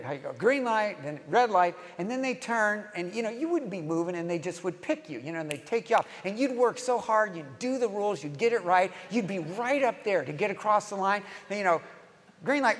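A man's voice: high voice, in a large hall. A man preaching a conversational sermon, asking the listeners questions and acting out the lines of the people in his story. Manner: conversational, acts out quoted lines, rhetorical questions. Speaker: pastor.

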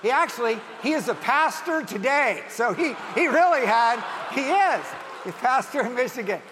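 A high-voiced older man in his sixties is preaching from the pulpit, breaking off into a loose, chuckling personal story. His phrases restart and wander before he gets to the point. A long reverb trails behind every phrase. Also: expressive, normal speed, crowd noise, background noise. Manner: rambling, self-interrupting storyteller who laughs at his own tale. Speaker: pastor. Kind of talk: sermon with storytelling.

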